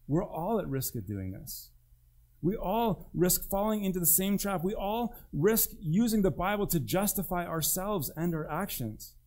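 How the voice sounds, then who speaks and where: Man preaching, slightly high voice. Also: animated, normal speed, a little mellow. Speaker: pastor. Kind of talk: sermon.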